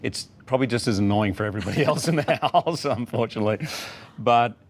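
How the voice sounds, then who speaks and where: A man's voice: medium pitch, a little hiss or hum. A middle-aged man from Australia, telling stories as a guest in a casual TV interview. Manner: animated anecdotal storytelling with quick asides.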